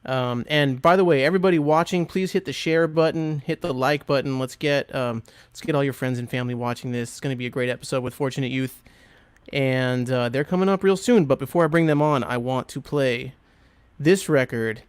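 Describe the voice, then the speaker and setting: A man's voice: mid-range voice, brisk, clean tone, dry recording. A man hosting a music podcast, chatting with enthusiasm and plenty of fillers as he introduces records. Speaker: podcast host and record selector. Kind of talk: casual chat.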